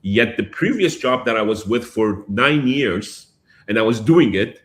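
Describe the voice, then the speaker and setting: A man being interviewed, telling a personal story in a lively way and acting out what people said. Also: on the low side, measured pace. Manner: animated, acts out dialogue, repeats phrases. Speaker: guest.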